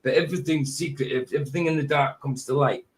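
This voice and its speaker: A man from Scotland with a northeast Scottish Doric accent, hosting a livestream in relaxed, chatty conversation. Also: on the high side, quick pace. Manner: relaxed, chatty, laughs often. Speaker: show host. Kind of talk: casual chat on a livestream.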